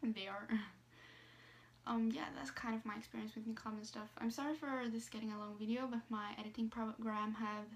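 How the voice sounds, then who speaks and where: A woman's voice: a little high, flat delivery. Hesitant Swedish-accented young woman vlogger. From Sweden. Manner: halting, with many ums and likes. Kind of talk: casual storytelling to camera. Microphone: phone.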